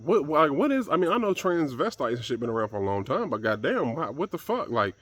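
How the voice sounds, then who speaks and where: A man's voice: on the high side, big pitch swings, brisk, few pauses, a bit bright, no room sound. A man giving a blunt, profane and exasperated solo commentary on camera.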